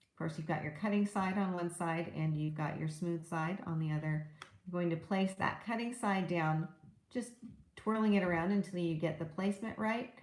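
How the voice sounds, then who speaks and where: A middle-aged woman talks viewers through a live craft demonstration, chatty and easygoing, pausing now and then to find her words. Her voice sits a little low for a woman, and the room around her rings with echo. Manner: chatty, explains while working, small hesitations.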